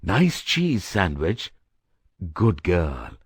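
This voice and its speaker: A woman's voice: very deep voice, wildly swooping pitch, very slow, breathy edge, dry recording, studio quality, voice pushed down, full character voice. A woman voicing Adrian, a nervous, irritable young man. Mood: trembling.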